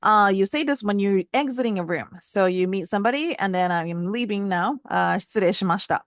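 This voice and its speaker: A woman teaching phrases in a casual spoken lesson, modeling words with lively jumps in pitch. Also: fairly quick, dry recording, studio quality. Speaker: Japanese language teacher.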